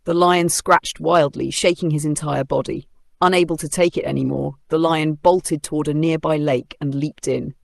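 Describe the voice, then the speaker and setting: An expressive storyteller reading an animated children's tale, with a gravelly texture in the voice. The delivery rises and falls with the story's moments. The recording is close and dry, with no room sound. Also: medium pitch, normal speed, no echo.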